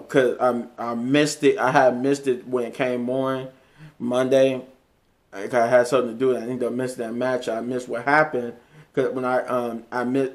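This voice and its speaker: Man rambling through a flat-toned recap. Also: mid-range voice. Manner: rambling, frequent restarts and self-corrections; chuckles often while recounting. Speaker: wrestling show reviewer. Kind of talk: casual solo review recap.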